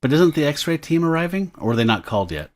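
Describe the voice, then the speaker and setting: A man's voice: a little high, sing-song, quick pace. A man co-hosting a podcast, chatting casually about comics, laughing often. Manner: laughs often, reads panel dialogue aloud. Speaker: podcast co-host. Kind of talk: casual comic review chat.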